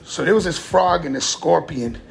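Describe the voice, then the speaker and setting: A man's voice: fairly high pitch, normal speed, creaky, soft background music. A middle-aged man giving blunt, profane advice in a casual vlog monologue. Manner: blunt, profane street talk. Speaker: vlogger giving life advice.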